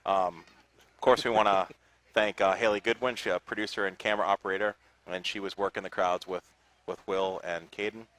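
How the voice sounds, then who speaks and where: Very deep-voiced male co-host. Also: fairly even intonation, fairly quick, a bit bright. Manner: reads thank-yous with many fillers. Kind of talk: casual live broadcast chat. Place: outdoors at a parade.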